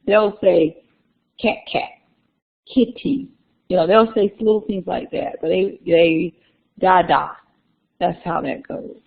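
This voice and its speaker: A woman giving a classroom lecture, unhurried, repeating key terms and adding chatty asides to her students. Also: medium pitch, vocal fry. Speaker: university lecturer. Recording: tinny lo-fi lecture recording.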